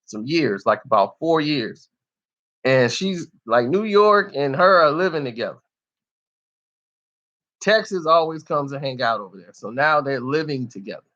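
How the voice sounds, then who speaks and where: A man's voice: medium pitch, animated, normal speed, long pauses, bright, forceful tone, muffled recording. A man telling a story in casual street slang, loose and chatty, often tossing in "you know".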